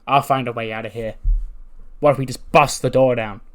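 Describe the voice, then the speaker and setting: A man's voice: mid-range voice, fairly even intonation, a little fast, close to an everyday voice. A man doing a gung-ho young woman. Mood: determined. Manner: eager, determined.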